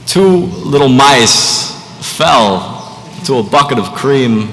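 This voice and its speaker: A man doing an impression of a famous actor's slow, oddly paused way of talking while telling a fable. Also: mid-range voice, animated, a bit bright. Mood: deadpan. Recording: echoey hall, faint noise.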